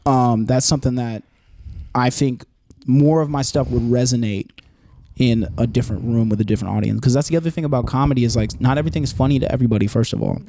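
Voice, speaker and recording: A man's voice: mid-range voice, steady tone, fast talker, warm tone, slight background noise. A man who is a comedian, a guest on a podcast, talking in a laid-back, reflective way and often restarting his sentences. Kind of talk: casual podcast chat.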